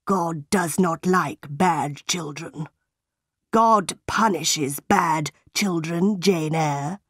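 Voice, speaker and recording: A woman voicing a cruel, stern, tall male schoolmaster in a storybook reading, speaking slowly and solemnly. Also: low-pitched, husky, dry recording, studio quality, voice pushed down, heavily acted. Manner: slow, solemn and threatening.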